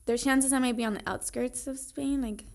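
A woman's voice: sits high, fairly even intonation, normal speed, vocal fry, a little mellow. A chatty woman talking casually as a podcast co-host, full of questions. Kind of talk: casual chat.

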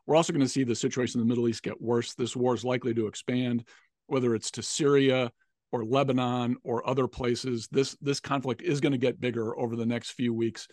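A man speaking as a guest analyst, giving measured, analytical commentary on foreign policy. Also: medium pitch, level tone, darkish tone, no room sound. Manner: measured, analytical, frequent restarts.

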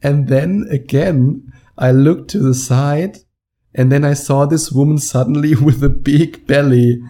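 A man's voice: fairly high pitch, a little slow, warm tone. A man in his late twenties with a German accent, telling a story in a casual monologue and laughing often as he acts out the quotes. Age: 20s. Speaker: podcast host.

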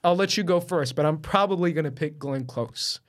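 A young man co-hosts a podcast in a loose, joking chat. His voice sits a bit high for a man. He often breaks into laughter. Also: normal speed. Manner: animated, jokey, laughs often. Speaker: podcast co-host. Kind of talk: casual chat.

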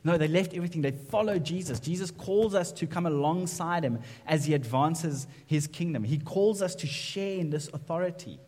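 A man's voice: on the high side, normal speed, hardly any pauses, darkish tone. A man preaching a sermon in a conversational way, often checking in with "right?". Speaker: pastor. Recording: long reverb of a hall.

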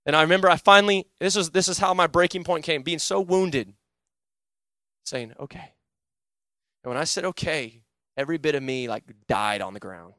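A young man preaching a sermon and telling his own conversion story, swinging between loud urgent pleading and low, quiet intensity. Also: fairly quick, no room sound, studio quality. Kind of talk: sermon with personal testimony.

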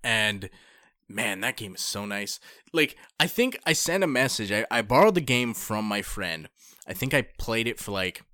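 An animated man trading quick jokes on a casual podcast. His bright voice swings widely in pitch, and the recording sounds dry and close. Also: dry recording. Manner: animated, joking, quick quips. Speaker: podcast co-host.

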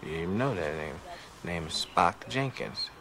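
A man's voice: deep voice, expressive, moderate pace, gravelly. An actor playing a boastful adult male Star Trek fan who quizzes others in a smug way, from a film clip. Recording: film clip with music behind. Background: music.

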